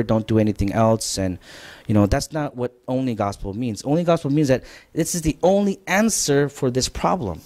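A man's voice: medium pitch, warm tone. Man preaching a conversational sermon. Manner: conversational preaching, rising to emphatic. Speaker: pastor. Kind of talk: sermon lecture. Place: church.

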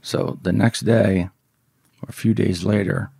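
A man's voice: low-pitched, fairly even intonation, measured pace, gravelly, mellow, husky, no echo, clean studio sound. A man telling a story from his past in casual, profane speech, often acting out the voices of the people in it. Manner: profane, vivid, acts out quoted voices.

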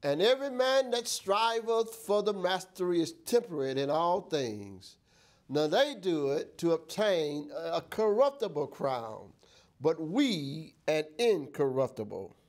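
A male pastor preaching a sermon, reading scripture aloud and speaking in a slow, drawn-out cadence with frequent amens. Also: a little high, sing-song, darkish tone. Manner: reads scripture in King James wording.

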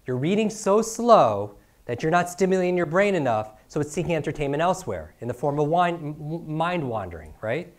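A man's voice: on the high side, big pitch swings, brisk. A middle-aged man teaching a seminar to a live audience, firing off rhetorical questions and tagging lines with "right?". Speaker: speaker teaching speed reading. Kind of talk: energetic live seminar talk.

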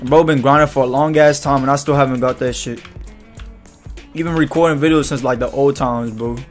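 A man's voice: medium pitch, steady tone, a little fast, faint music behind. A man doing casual gameplay commentary, hyped and trash-talking in profane banter. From Louisiana, USA. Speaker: gaming YouTuber.

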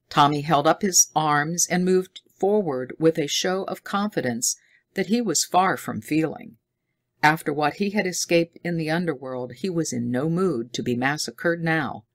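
A woman reads a story aloud in a slow, measured way. Her voice is low with a gravelly edge, and the sound is close and dry. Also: no room sound. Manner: measured, deliberate reading. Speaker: narrator. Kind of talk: scripted audiobook narration.

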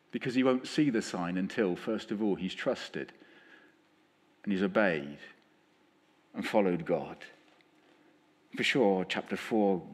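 Lively male preacher. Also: on the low side. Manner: lively, with acted-out quotes. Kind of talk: sermon. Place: church.

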